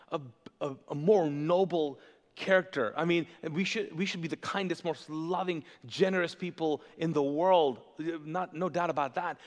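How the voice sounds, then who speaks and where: A male pastor preaching a sermon with passion, often pausing to ask the congregation to call out the next word. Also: high-pitched. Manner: impassioned, asks the congregation to fill in words. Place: church sanctuary. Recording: long hall reverb.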